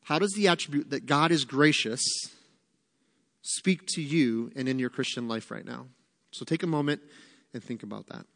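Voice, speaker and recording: A man's voice: mid-range voice, normal speed, gravelly, fairly bright tone. Man preaching in a reverberant hall. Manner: conversational, emphatic teaching with repetition. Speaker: pastor. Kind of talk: sermon.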